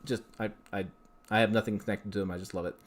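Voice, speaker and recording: A man's voice: on the low side, fairly even intonation, quick pace. Chatty man hosting a livestream. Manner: rambling, chatty, with frequent fillers and restarts. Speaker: livestream host. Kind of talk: casual livestream chat answering viewer questions.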